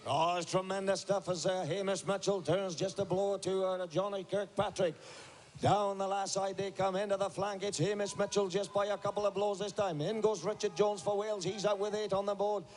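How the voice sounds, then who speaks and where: High-voiced, colorful male commentator. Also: level tone, normal speed, a little mellow. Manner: vivid, colorful play-by-play. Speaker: shearing commentator. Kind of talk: live sport commentary.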